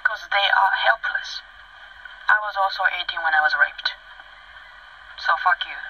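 A woman's voice: lowish voice, measured pace, slightly rough. A woman vlogger reading a news article aloud and breaking off into blunt, combative commentary full of swearing, sometimes dropping to a whisper. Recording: dry, muffled lo-fi sound.

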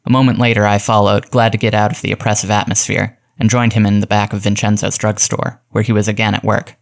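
Low-voiced male audiobook narrator. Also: monotone, vocal fry. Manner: measured storytelling.

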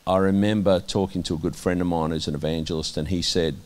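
An Australian man sharing candid testimony in an interview, earnest and halting, with many restarts and a voice that drops soft at times. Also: sits low, steady tone. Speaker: interviewee, minister.

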